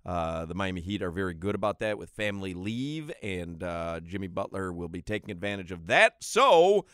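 Man, sports radio host, animated banter, smooth clear voice, dry close sound. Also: sits low, normal speed, no room sound. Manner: animated, reads listener texts with big swings in energy.

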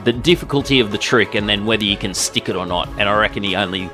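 Brief: male podcast co-host, deeper voice, hesitant and halting, casual music chat. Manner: hesitant, stammering restarts.

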